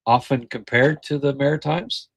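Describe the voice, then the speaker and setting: A middle-aged man with an Ottawa Valley accent hosting a casual hockey podcast, speaking haltingly with frequent pauses and fillers. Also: medium pitch, slightly rough, dry recording. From Ottawa Valley, Canada. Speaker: podcast host. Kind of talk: casual post-game hockey chat, reading viewer comments.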